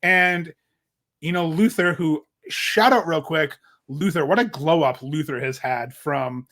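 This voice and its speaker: A young man with a slightly high voice co-hosts a podcast. He talks in a lively, animated way and keeps slipping into put-on voices to act out what others said. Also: a little slow. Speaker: podcast co-host. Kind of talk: casual chat.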